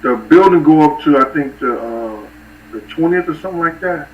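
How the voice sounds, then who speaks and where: A man telling rambling street stories and giving shout-outs to viewers on a casual livestream. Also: a little high, animated, normal speed, far from the mic, lo-fi sound. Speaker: livestream host.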